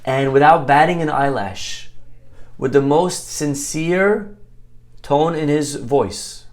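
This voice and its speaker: A rabbi preaching to his listeners, a man from Brooklyn. He tells stories with energy, acting out each exchange and checking in with quick asides to the room. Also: a little high. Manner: animated storyteller, acts out dialogue, many "okay?" asides. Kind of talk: sermon with storytelling.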